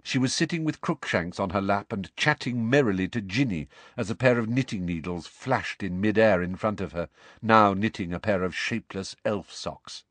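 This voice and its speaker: A man's voice: fairly low pitch, moderate pace, a bit bright, no echo. A man narrating a children's fantasy novel aloud, expressively, shifting his voice for each character. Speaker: audiobook narrator. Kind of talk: scripted storybook narration.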